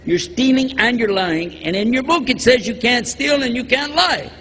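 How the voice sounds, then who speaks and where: A high, lively voice rolls out slowly as a man preaches to a crowd. He cracks jokes and fires questions at his listeners. The sound carries a long hall reverb with faint background noise. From Texas. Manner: jokey, quizzes the audience. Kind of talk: religious lecture to a live audience.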